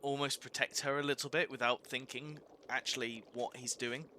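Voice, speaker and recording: A man's voice: mid-range voice, steady tone, normal speed, pushed and bright, slight background noise. A man playing a tabletop game, describing what his character does in a slightly apologetic way. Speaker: player.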